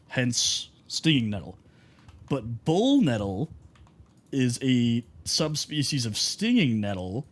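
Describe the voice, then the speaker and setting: A young male streamer from Texas chats loosely while he plays. His talk is rambling and full of fillers as he wanders between stories. His voice sits at an ordinary middle pitch. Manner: rambling storyteller, heavy on fillers. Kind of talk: casual chat while gaming.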